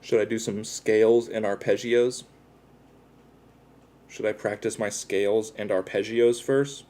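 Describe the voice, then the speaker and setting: A man's voice: lowish voice, steady tone, a little slow, warm tone, a little hiss or hum. A man chatting casually with his viewers on a livestream, rambling and self-deprecating as he talks while tattooing himself.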